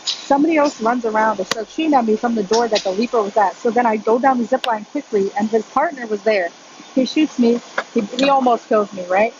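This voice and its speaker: A woman live streaming from a gym on her phone, telling a story in casual chat full of "like" and quick laughs. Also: fairly high pitch, lo-fi sound, noisy background.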